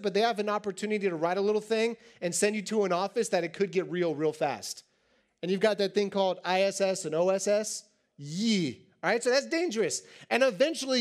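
High-voiced animated male preacher. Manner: animated, joking, acts out quotes. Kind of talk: sermon to teens.

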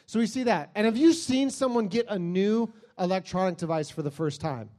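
A man with a high, light voice preaches a lively sermon. He talks casually and jokes as he goes, acting out the people in his stories with comic voices. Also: normal speed, hardly any pauses. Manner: animated storytelling, acts out silly voices; jokey, conversational preaching.

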